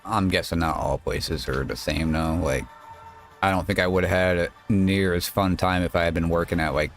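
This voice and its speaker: A man's voice: sits low, fairly even intonation, normal speed, soft background music. A male streamer telling a rambling, casual story while playing a game, quoting people and swearing now and then.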